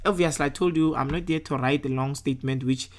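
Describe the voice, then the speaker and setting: A woman with a notably deep, low-pitched voice tutors a science class. She works through test answers one step at a time, pausing often to check that her listeners follow. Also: fairly even intonation.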